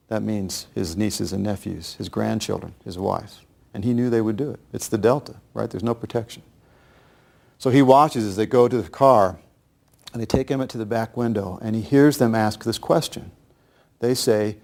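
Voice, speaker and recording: A man tells a grim true story to his listeners, grave and deliberate. His voice sits fairly low, with a gravelly fry running through it. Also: a little mellow. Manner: grave, measured storytelling with acted quotes. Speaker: speaker recounting history. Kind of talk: storytelling lecture.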